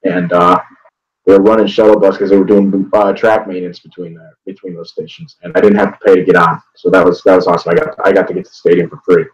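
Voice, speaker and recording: A man's voice: sits low, fast. A young man from northeast Ohio, chatting casually about a game, rambling with restarts and swearing freely. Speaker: sports vlogger. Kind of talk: casual chat. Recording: dull lo-fi sound.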